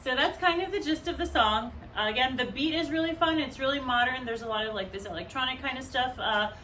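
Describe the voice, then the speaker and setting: A woman's voice: a little high, fairly bright tone, recorded from a distance, a little hiss or hum. A young woman teaching a dance routine, explaining in a chatty way with fillers and counting the beats aloud as she demonstrates. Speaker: dance instructor. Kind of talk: dance tutorial. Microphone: camera mic from a distance. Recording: roomy echo, voice set back from the mic.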